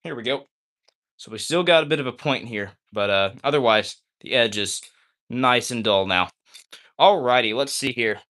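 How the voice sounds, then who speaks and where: A man hosting a casual livestream who talks while flipping a balisong. He gets excitable and keeps tagging sentences with "all right?". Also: mid-range voice, normal speed. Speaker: livestream host.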